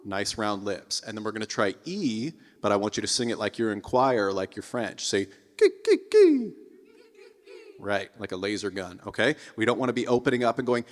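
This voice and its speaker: A man's voice: on the low side, fairly even intonation, brisk, hardly any pauses, long reverb tail. A man teaching a singing lesson as a vocal coach, encouraging students and demonstrating sung exercises. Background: piano.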